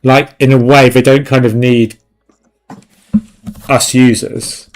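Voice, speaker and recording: A man's voice: mid-range voice, flat delivery, takes it slowly. A man chatting casually and swearing while he paints on a live stream, rambling and self-mocking. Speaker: digital art streamer.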